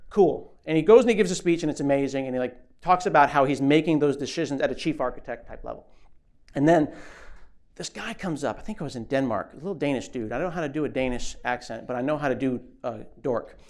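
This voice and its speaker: A man giving a comic conference keynote on stage, animated and joking, acting out little voices as he tells stories. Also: medium pitch. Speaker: keynote speaker. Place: conference stage before an audience.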